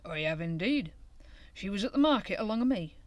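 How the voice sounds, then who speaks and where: A woman's voice: mid-range voice, animated, a little fast, no room sound, muffled recording, close to an everyday voice. A woman voicing a weary, motherly old countrywoman hedgehog in a storybook, with homely rustic speech.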